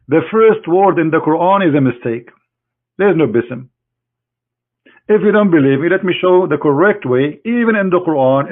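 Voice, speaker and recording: A man giving a combative screen-share lecture in mocking, halting English as an online debater. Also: fairly high pitch. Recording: tinny phone-like online audio.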